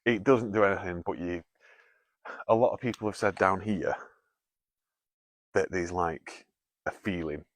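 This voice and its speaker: A man's voice: low voice, unhurried, long pauses, no echo. A man hosting a night ghost hunt in a canal tunnel, joking, swearing freely and calling out to a spirit. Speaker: paranormal investigator host. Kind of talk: casual chat during a night investigation.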